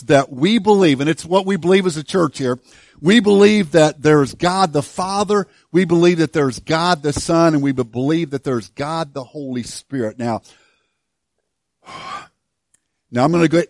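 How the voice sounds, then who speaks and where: A man's voice: fairly high pitch, no room sound, clean studio sound. A middle-aged man preaching a sermon as pastor, conversational and self-deprecating, with frequent restarts and light humor.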